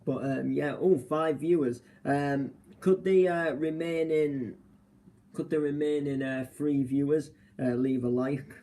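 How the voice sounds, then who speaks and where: A man's voice: on the high side, fairly even intonation, measured pace, warm tone, rough recording. A young man, live streaming casual chat from a hotel room, rambling with lots of fillers and restarts.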